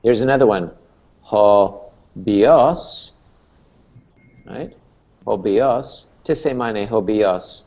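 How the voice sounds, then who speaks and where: A man's voice: fairly low pitch, measured pace, creaky, warm tone, muffled recording. A man teaching a Greek class as professor, explaining patiently and checking in with "okay?" and "right?". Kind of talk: classroom lecture.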